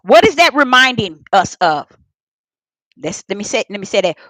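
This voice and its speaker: A woman preaching in a live-streamed Bible study. She talks to the live chat, repeats words for emphasis, and swings from shouts to soft murmurs. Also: medium pitch, big pitch swings, moderate pace, no echo, low-quality recording.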